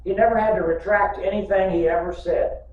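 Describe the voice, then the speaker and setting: A man's voice: sits high, steady tone, fairly quick, a little hiss or hum. An older man preaching a sermon as pastor, telling folksy stories with humor. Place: church sanctuary. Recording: distant, echoey, muffled church recording.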